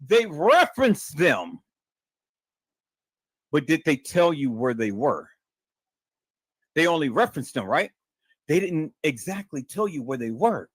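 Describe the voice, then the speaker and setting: A man with a high voice hosts a live stream and reads a report aloud, stopping to comment. He talks slowly and dramatically, repeats words and stammers, and keeps calling out to his viewers. The sound is dry and close. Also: sing-song, fairly bright tone, breathy edge, no echo.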